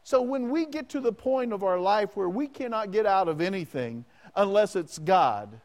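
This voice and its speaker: A man's voice: high-pitched, expressive, normal speed. A man preaching a sermon as pastor, asking the congregation questions and acting out prayers in the first person.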